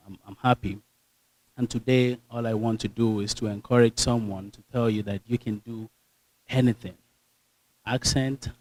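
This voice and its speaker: A young man with a Nigerian accent giving an earnest, animated motivational speech to an audience, telling stories and acting out the dialogue. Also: fairly low pitch, low-quality recording. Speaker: speaker.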